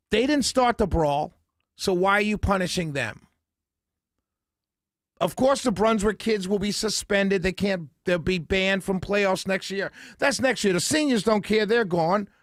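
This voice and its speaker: A man's voice: sits high, dry recording. A man hosting a talk radio show from a studio, giving his opinions emphatically and working them out as he speaks. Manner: emphatic, opinionated, thinks out loud. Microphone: studio microphone.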